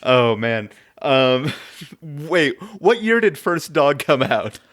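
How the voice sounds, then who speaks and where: A man's voice: a little high, sing-song, slow pace, fairly bright tone. A man hosting a podcast in casual chat, hesitant and full of filler sounds, chuckling often. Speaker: podcast host.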